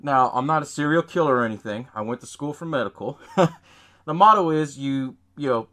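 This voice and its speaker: Lively, rambling podcast host recapping a film. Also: male voice, medium pitch. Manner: rambling, profane, laughs at own retelling. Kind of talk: casual movie recap.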